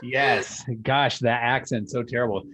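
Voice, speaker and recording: A man hosts a podcast and talks in a loose, rambling way, filling his sentences with "uh" and "um". His voice sits at an ordinary middle pitch. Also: steady tone, measured pace, fairly bright tone, poor audio. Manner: rambling, filler-heavy. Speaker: podcast host. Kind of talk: casual interview chat.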